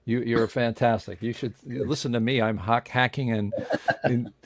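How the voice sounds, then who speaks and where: A man's voice: medium pitch, fairly even intonation. A man hosting an interview who rambles, restarts and seldom finishes a sentence. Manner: rambling, fast-thinking, leaves sentences unfinished, many fillers. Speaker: host. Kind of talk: casual interview talk.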